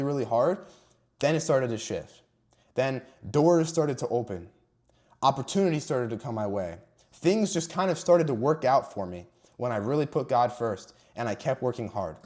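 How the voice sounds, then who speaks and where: Talking to camera about faith, this young man has a mellow, medium-pitched voice and an earnest, emphatic delivery. As a Christian motivational vlogger, he leans on key words, drawing them out, and sometimes his emotion shows.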